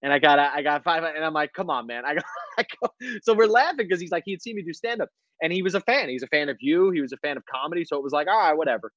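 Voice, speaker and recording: A man with a fairly high voice tells a story in loose podcast chat, jumping between the voices of himself and others. He laughs as he goes, and the sound is dry and slightly muffled. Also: quick pace, dry recording. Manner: animated, acts out both sides of a story, laughs often. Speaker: podcast co-host, comedian.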